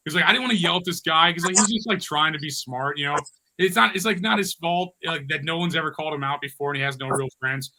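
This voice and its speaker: A man's voice: on the high side, quick pace, bright, forceful tone. A man hosting a podcast, joking and rambling in casual chat, swearing freely. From Midwest US. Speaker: podcast host. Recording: noisy podcast recording.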